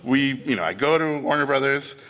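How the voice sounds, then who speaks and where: A man on a panel at an expo, telling behind-the-scenes stories with lively, animated delivery, swearing casually and acting out what others said. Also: medium pitch, brisk. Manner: lively, swears casually, acts out quotes in voices. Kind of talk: animated storytelling on stage.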